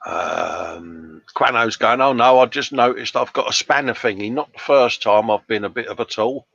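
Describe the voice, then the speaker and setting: British bloke on a live stream, chatty and matey, reads out comments, kinda muffled dry sound. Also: male voice, lowish voice, expressive, a little slow, gravelly, a bit bright, dry recording. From Britain. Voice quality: chummy, laughs often, says "mate" a lot. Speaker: host of a live workshop stream. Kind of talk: casual chat, reading out viewer comments. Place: home workshop bench.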